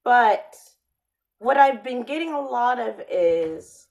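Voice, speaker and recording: Slow-talking sardonic woman vlogger. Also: a little high, lively intonation, a little mellow, highs cut off. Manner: rambling, sardonic, with frequent restarts. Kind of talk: casual monologue vlog.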